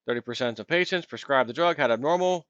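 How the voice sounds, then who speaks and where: A man's voice: medium pitch, fast talker, a bit bright, smooth, dry recording, dull audio. A man hosting a solo commentary video, ranting in a heated, impassioned way and acting out imagined callers.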